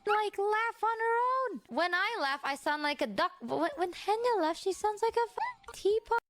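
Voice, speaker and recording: A woman's voice: very high voice, lively intonation, normal speed, a bit bright. A synthetic text-to-speech woman's voice used by a streamer for teasing casual chat.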